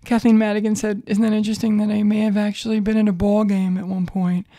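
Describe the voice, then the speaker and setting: A woman's voice: mid-range voice, flat delivery, fast, dark tone. A middle-aged woman co-hosting a comedy podcast, talking casually, bluntly and jokily, with plenty of swearing. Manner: blunt, swears freely, jokey. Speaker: podcast co-host.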